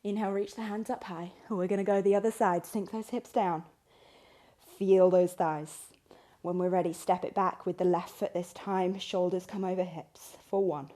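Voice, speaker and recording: A woman's voice: on the low side, steady tone, moderate pace, mellow. Encouraging woman cueing a yoga class. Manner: encouraging, counts reps aloud. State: out of breath at times. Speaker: yoga instructor. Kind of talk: guided yoga class cues.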